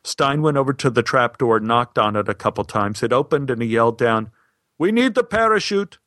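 A man recounting a personal story in a wry, deadpan way, with a middle-pitched voice. The recording is dry and close, with no room sound. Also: brisk, no echo.

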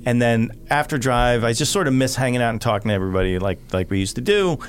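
A man's voice: mid-range voice, fast, slight background noise. A middle-aged man talking as a podcast guest in casual chat, often laughing and trailing off mid-thought.

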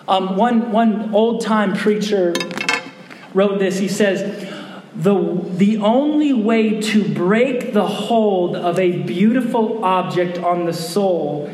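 A man preaching a sermon as pastor, conversational and animated, often asking his congregation questions. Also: high-pitched, slow pace. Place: church hall. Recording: roomy church hall echo, faint hum.

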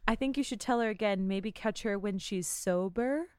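Chatty, animated woman tabletop player; smooth voice, dry close mic. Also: medium pitch, moderate pace, no room sound. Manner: animated, chatty, with many fillers when planning moves. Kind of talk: casual tabletop game play.

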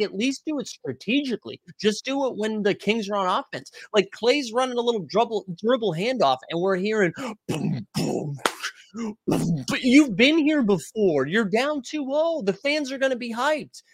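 A man hosting a casual sports talk stream, animated and rambling, who swears freely and reads from the chat. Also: very high voice, normal speed, no echo. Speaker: podcast host reading chat.

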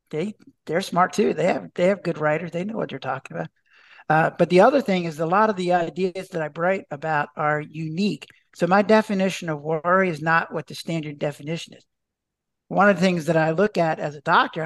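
A man's voice: high voice, no room sound. A man, a doctor and author, answering podcast interview questions in a chatty way, full of restarts and acted-out dialogue.

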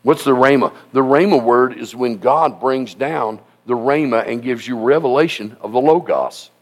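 A man preaching a sermon as pastor, emphatic and repetitive, rising at times to shouts. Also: medium pitch, moderate pace.

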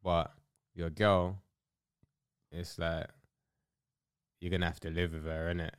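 A young man, chatting calmly and agreeably as a podcast co-host. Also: sits low, unhurried, clear, resonant tone, dry recording, studio quality. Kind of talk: casual chat.

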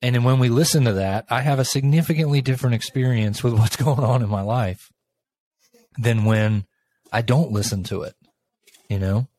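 A middle-aged man co-hosting a podcast, telling a personal story in a thoughtful, unhurried way with pauses. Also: medium pitch, darkish tone, dry recording. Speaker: podcast co-host. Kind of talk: reflective casual conversation.

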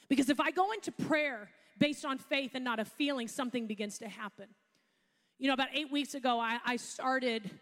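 A woman's voice: on the high side, big-room sound. A woman pastor, preaching a sermon in a chatty storytelling way with asides.

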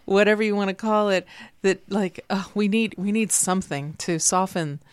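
A woman's voice: medium pitch, steady tone, clear, resonant tone, no echo. A woman co-hosting a casual podcast who works with clients, talking in a reflective, earnest way. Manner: reflective and earnest, slowing on key phrases. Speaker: podcast co-host and wellness practitioner.

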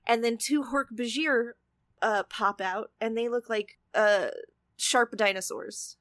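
A young woman in casual podcast chat about a book, animated, acting out lines from the story. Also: on the high side, measured pace, dry recording, studio quality. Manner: animated, acts out quotes, swears casually. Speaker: podcast co-host.

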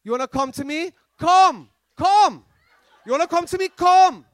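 A man voicing a fearless pastor with a Jamaican accent, shouting commanding calls. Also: very high-pitched, animated, measured pace, no echo, clean studio sound. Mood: defiant.

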